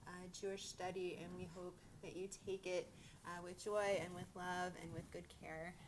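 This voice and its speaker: A woman rabbi speaking at a bat mitzvah service in a synagogue sanctuary, heartfelt and halting, with many restarts. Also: fairly low pitch, little pitch movement. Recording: noisy livestream recording.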